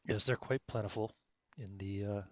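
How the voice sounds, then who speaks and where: Man voicing a measured underground envoy. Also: fairly low pitch, fairly even intonation, dry recording, natural voice. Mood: calm. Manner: measured, formal, explanatory. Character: calm male underground-dweller envoy, measured. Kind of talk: tabletop role-play acting.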